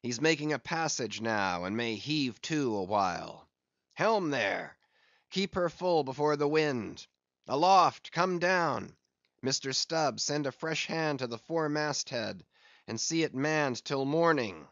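A man playing a grim, obsessed old sea captain in a storybook reading, declaiming his lines and barking orders to his crew. He speaks at an unhurried, deliberate pace in a mid-range voice, heard close and dry with no room around him. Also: mid-range voice, expressive, a bit bright, no echo, highs cut off. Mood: commanding.

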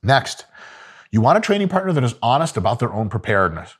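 A man's voice: mid-range voice, very animated, fast, husky. A man giving casual, profane, joking coaching talk about gym training. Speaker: fitness coach.

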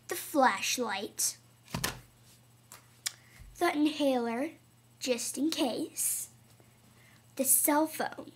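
A high-voiced woman playing a jittery grown man. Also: a little hiss or hum, heavily acted. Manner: hushed whispering that breaks into panicked shrieks. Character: jittery 32-year-old man camping in his room. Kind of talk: homemade comedy video acting.

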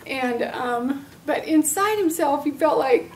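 A middle-aged woman with a high voice gives an earnest personal testimony, full of fillers and restarts. She sounds a little far from the mic, with faint noise behind her. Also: lively intonation, slow. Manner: earnest, storytelling, frequent fillers. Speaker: parent specialist speaker.

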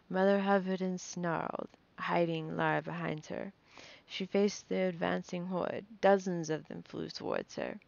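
A woman's voice: on the low side, steady tone, unhurried, creaky, a little mellow. Nervous woman reading fantasy aloud. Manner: nervous, stumbling and restarting words. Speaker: reader. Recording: dull lo-fi recording.

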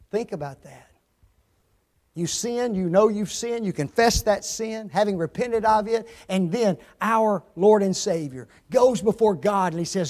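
A man preaches a sermon emphatically and a little slowly, putting rhetorical questions to his listeners. His delivery swings between loud, rising stress and low, quiet drops.

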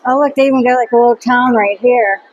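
Excited woman pointing things out. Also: fairly high pitch, quick pace, highs cut off, some chatter behind. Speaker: vlog co-host. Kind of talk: casual vlog chat. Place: indoor museum model railroad exhibit.

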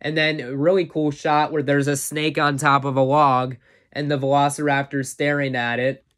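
A man's voice: a little high, little pitch movement, normal speed, fairly bright tone. A man casually recapping a favorite movie as a reviewer, rambling and full of fillers, an eager fan. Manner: rambling plot recap, full of "uh" and "you know"; enthusiastic fan, chuckles often.

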